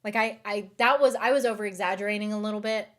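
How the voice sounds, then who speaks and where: A woman's voice: medium pitch, steady tone, fast. Rambling woman with a light Southern lilt. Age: late 20s. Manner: rambling, hesitant, many fillers. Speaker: streamer. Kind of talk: casual chat.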